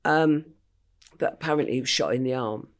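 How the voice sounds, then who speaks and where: An older Englishwoman from England, speaking in a brisk bass voice, appears as an interview guest. She tells her story vividly and acts out the voices of the people she quotes.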